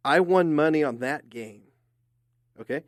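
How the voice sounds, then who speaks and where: A man's voice: on the high side, measured pace, no room sound, studio quality. A man co-hosting a sports radio show, giving his opinions emphatically. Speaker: radio co-host.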